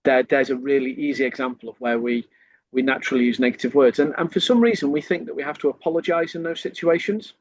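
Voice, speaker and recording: A man's voice: medium pitch, quick pace, no echo, highs cut off. A man, a sales trainer, explaining in a podcast conversation and acting out lines a customer might hear.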